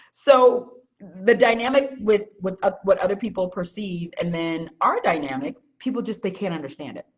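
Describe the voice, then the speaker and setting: A woman business owner chatting casually on camera beside her husband, a blunt and lively storyteller. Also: medium pitch, moderate pace. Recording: dull lo-fi sound.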